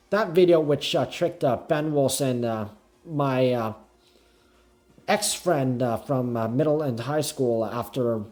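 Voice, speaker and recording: A man explaining himself haltingly in a clip, with constant fillers and restarts. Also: mid-range voice, darkish tone. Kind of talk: recorded video narration.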